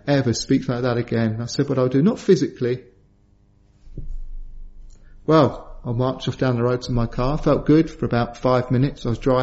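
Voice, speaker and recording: A middle-aged man preaching a sermon, telling a personal story in earnest and lifting his voice high when he acts out quotes. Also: a little mellow, highs cut off.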